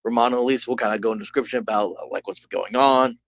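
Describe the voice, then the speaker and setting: A man's voice: mid-range voice, steady tone, fast talker, a bit bright. A man running a solo tabletop game, narrating casually with rambling, self-correcting speech. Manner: rambling, full of "like" and restarts. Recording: dull lo-fi recording.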